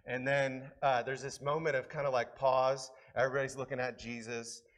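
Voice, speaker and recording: A man's voice: medium pitch, little pitch movement, normal speed, fairly bright tone. A man preaching a sermon as pastor, conversational and earnest, rising to emphatic peaks.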